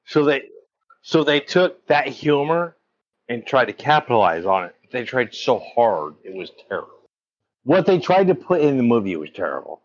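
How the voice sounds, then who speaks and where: A man's voice: mid-range voice, big pitch swings, moderate pace, no echo, lo-fi sound. A man co-hosting a podcast in casual chat, blunt and emphatic, swearing a lot. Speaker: podcast co-host.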